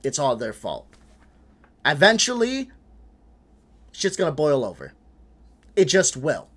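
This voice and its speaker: A man hosting a reaction video, talking in a frustrated, animated way, swearing and laughing between points. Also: fairly high pitch, slow. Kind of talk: casual reaction commentary.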